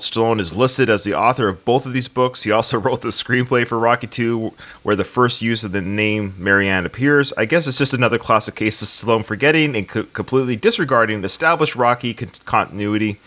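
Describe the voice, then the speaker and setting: Low-voiced man co-hosting a film podcast. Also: fairly bright tone. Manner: joking, talks fast about trivia. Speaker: podcast co-host. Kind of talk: casual film podcast chat.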